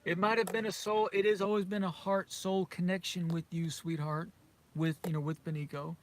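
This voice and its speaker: A man's voice: high-pitched, flat delivery, moderate pace. Rambling, chuckling British man. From Britain. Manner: conspiratorial, repetitive, with frequent chuckles. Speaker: vlogger. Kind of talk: rambling monologue to camera.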